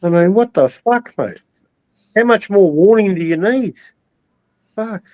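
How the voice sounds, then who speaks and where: A fairly high-voiced man talking on a call in a late-night chat. He is easygoing and swears often. The audio is dull and dry. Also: expressive, normal speed, a little mellow, no room sound. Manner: laid-back, swearing, mocking. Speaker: guest on a call.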